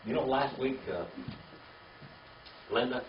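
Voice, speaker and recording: A man leads a Bible lesson for a small class, asking them questions and repeating key words with a steady "all right?" after each point. His voice sits in the middle of a man's range. It is picked up from across an echoey room, dull and lo-fi with a faint hiss underneath. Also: medium pitch, slow pace, recorded from a distance. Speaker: Bible teacher.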